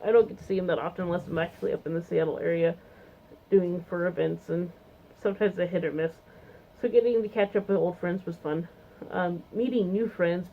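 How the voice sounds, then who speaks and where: A woman's voice: on the low side, slight background noise. A woman chatting casually to camera in a bubbly, gushing, rambling way with many ums and giggles. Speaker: vlogger reviewing a convention. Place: home, seated in a chair. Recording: lo-fi phone-like sound.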